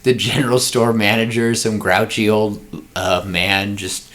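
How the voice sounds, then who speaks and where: A man hosting a podcast, pitching story ideas in a rambling casual chat with frequent laughs. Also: flat delivery, a little slow, fairly bright tone. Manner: rambling, laughs often, acts out scenes.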